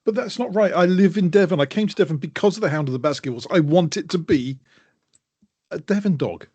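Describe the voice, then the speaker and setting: A man's voice: sits high, quick pace, a little mellow, slightly rough, dry recording. A man co-hosting a podcast in casual chat, teasing and enthusiastic. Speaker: podcast co-host.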